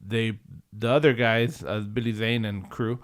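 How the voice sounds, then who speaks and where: A man co-hosting a podcast, relaxed and agreeable, recounting a film's plot. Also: fairly low pitch. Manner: relaxed, agreeable, retells plot with quick quoted lines. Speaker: podcast co-host. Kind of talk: casual movie rewatch chat.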